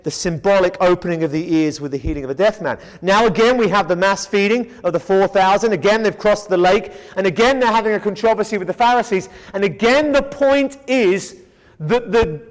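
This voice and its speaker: A man lecturing on scripture in a voice pitched well above most men's. He drives his points home by posing questions and answering them himself. The sound carries a long hall reverb. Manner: emphatic, asks rhetorical questions and answers them. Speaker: Bible teacher. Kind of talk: Bible study lecture.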